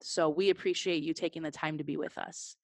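A woman co-hosting a faith podcast in casual chat, talking warmly with lots of fillers and laughing easily. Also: low voice, fairly even intonation, fairly quick, dry recording, clean studio sound. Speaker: podcast co-host.

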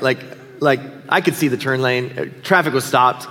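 Middle-aged male pastor, slightly high voice, relaxed storytelling sermon, long hall reverb. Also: measured pace, hardly any pauses. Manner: storytelling, conversational and self-deprecating.

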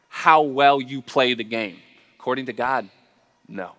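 Pastor, man, bright voice, earnest conversational sermon, church hall reverb. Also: on the high side. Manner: earnest, conversational preaching with restarts.

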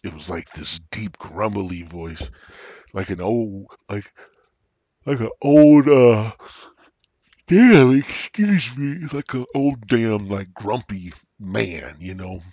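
A man hosting a podcast, telling a profane, meandering comedic story in a husky, stoned drawl. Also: fairly low pitch, a bit bright, dry recording. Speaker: podcast host. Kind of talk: rambling comedic monologue.

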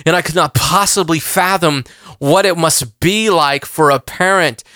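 A man's voice: a little high, unhurried, sharp tone, no echo, clean studio sound. A pastor in his forties delivering an impassioned sermon, earnest and repeating phrases for emphasis. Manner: earnest, repeats himself, rising emphasis on questions.

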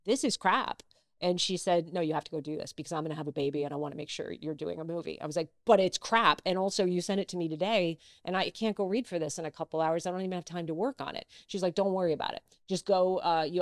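A middle-aged actress, a guest in a casual interview, telling personal stories and acting out what others said. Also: female voice, on the low side, very fast, hardly any pauses, no echo, studio quality. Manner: animated, acts out quoted dialogue.

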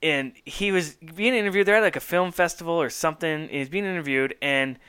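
A man co-hosting a podcast in casual chat, excitable and rambling, laughing often. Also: fairly high pitch, fairly quick, smooth. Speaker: podcast co-host.

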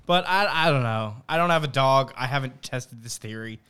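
A man co-hosting a casual podcast, talking in a lively way, laughing often and swearing casually. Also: mid-range voice, normal speed, clear, resonant tone. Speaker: podcast co-host. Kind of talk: casual chat.

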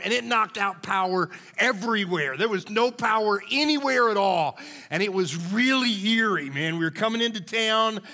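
Folksy pastor in a reverberant hall. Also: male voice, high voice, pushed and bright. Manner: folksy and conversational, says "man" a lot. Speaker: lead pastor. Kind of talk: storytelling sermon. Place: church sanctuary. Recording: church hall with long reverb.

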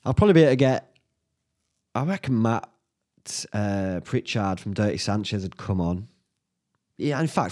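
Young Northern English male host, lowish voice, loose sweary self-deprecating ramble. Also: lively intonation, moderate pace, pauses often. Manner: thinking out loud, sweary, self-mocking. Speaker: podcast host. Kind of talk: rambling solo podcast chat.

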